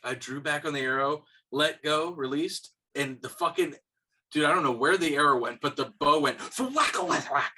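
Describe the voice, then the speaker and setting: Bright-voiced young man telling stories. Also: on the high side, moderate pace. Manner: swearing freely, animated when quoting others. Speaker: podcast co-host. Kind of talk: casual storytelling chat.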